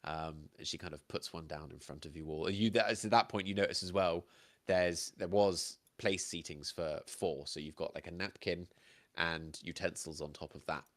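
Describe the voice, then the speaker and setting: Man, game master, deep low voice, chatty narration. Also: steady tone, normal speed, fairly bright tone.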